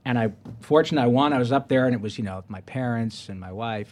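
A man's voice: medium pitch, a little fast, darkish tone. A man, a voice actor guest, telling stories in casual podcast chat, laughing often and swearing freely.

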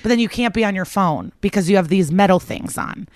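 A woman's voice: mid-range voice, fairly quick, a little mellow, no room sound, clean studio sound. A woman comedian guesting on a podcast, telling chatty, self-deprecating stories. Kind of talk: casual comedic chat.

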